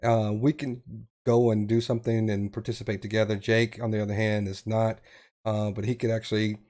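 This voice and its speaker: Man, podcast co-host, lowish voice, loose rambling delivery full of ums. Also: little pitch movement, brisk, darkish tone. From Texas. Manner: rambling, with many fillers and restarts. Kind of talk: casual podcast chat. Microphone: podcast mic.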